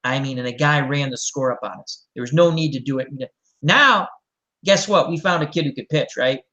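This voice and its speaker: A middle-aged man hosting a casual chat, telling a long story in a rambling, animated way and acting out the quotes. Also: medium pitch, a little fast, muffled recording. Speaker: show host.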